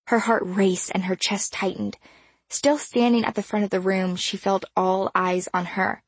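Casting note: female audiobook narrator, measured and expressive, slightly husky, dry booth sound. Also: mid-range voice, no room sound.

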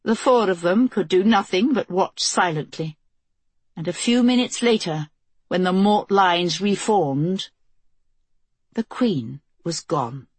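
A woman reading a novel aloud as an audiobook narrator, in measured, even storytelling. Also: on the low side, slightly rough, no room sound. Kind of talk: scripted narration.

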